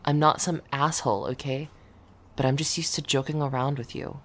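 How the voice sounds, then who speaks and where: A woman performing a scripted audio role-play as a blunt, sarcastic office coworker who curses and grudgingly softens. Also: very deep voice, steady tone, fairly quick, a little hiss or hum. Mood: grudgingly tender. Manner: dry, dismissive teasing that turns grudgingly gentle.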